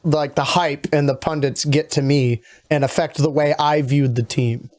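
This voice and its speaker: A man's voice: on the high side, steady tone, normal speed, darkish tone. A man co-hosting a casual sports podcast, venting his feelings in an earnest, confessional way. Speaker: podcast co-host.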